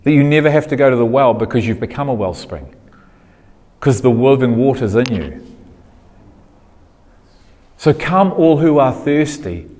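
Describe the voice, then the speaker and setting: A man preaches a sermon at a middle pitch. He keeps putting questions to his listeners and repeats his key words. The hall behind him rings with a long reverb. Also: normal speed, pauses often. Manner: animated preaching, rising in pitch when fired up; asks the audience questions, repeats phrases.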